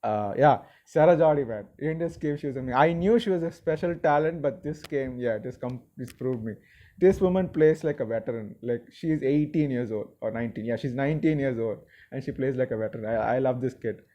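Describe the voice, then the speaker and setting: A man giving a casual, opinionated review of a football match, excitable and mocking toward rivals. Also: medium pitch, a little fast, dull audio. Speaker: football vlogger.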